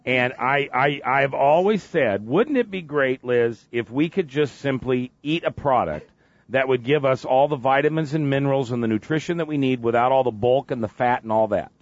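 A man of ordinary pitch hosting a radio chat, dry and close, with dull lo-fi sound. He teases and pitches in a salesy tone. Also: normal speed, no room sound.

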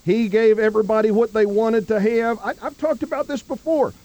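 A man, a guest on a political talk radio show, rambling with many restarts and trailing off low. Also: fairly even intonation, fairly quick, darkish tone.

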